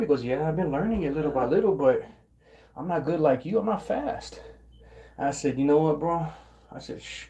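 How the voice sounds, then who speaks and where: A young man casually telling a rambling story about his old job, often restarting words and clearing his throat. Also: a little high, dark tone. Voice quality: occasional throat clearing and coughing. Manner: rambling, repeats words and restarts, mimics coworkers in quotes. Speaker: vlogger.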